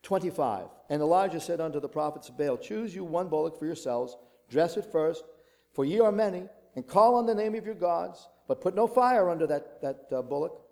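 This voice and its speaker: A man's voice: on the high side, animated, moderate pace, gravelly, a little mellow. A man preaching a sermon, reading a long scripture passage with dramatic delivery, voicing the quoted speakers and adding his own asides.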